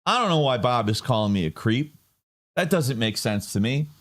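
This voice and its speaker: A man's voice: medium pitch, lively intonation, moderate pace, fairly bright tone. A man giving a casual, meandering commentary with a sardonic edge and lots of fillers. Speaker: online commentator.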